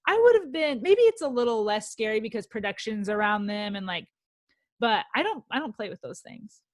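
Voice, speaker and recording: A woman's voice: fairly high pitch, expressive, no room sound. Chatty young-sounding podcast woman, dry mic. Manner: chatty, quick, lots of "like". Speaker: podcast co-host. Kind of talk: casual chat about reality TV.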